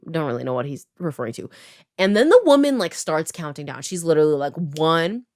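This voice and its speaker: A woman in her twenties from Canada, casually recapping a story in a chatty way full of fillers, briefly quoting characters as she goes. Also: low-pitched. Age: 20s. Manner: chatty, filler-heavy, lots of "like"; animated, quoting characters in quick voices. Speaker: writer and video creator.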